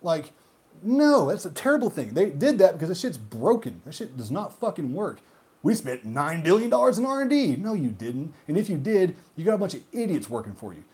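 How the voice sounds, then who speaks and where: A man hosting a gaming video who rants heatedly and profanely, swinging between loud outbursts and muttered asides. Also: a little high, sing-song, brisk, husky. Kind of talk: solo rant monologue.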